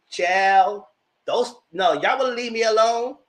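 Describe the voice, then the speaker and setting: A man's voice: high voice, fairly quick, a bit bright. A man giving a casual, sassy live review of reality TV, slangy and acting out the cast's lines as he goes. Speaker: TV reality show commentator.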